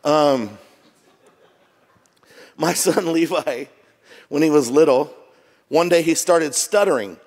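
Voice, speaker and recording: A man's voice: fairly high pitch, takes it slowly, pauses often, a little mellow. A middle-aged man preaching a sermon as pastor, joking and conversational, jet lagged. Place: church auditorium. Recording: long reverb of a church hall.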